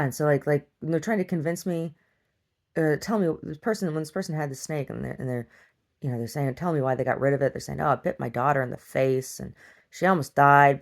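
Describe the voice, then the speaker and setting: A woman vlogger casually retelling a dream in a rambling, animated way, full of restarts. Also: sits low, gravelly. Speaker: video diary vlogger. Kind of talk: casual storytelling to camera.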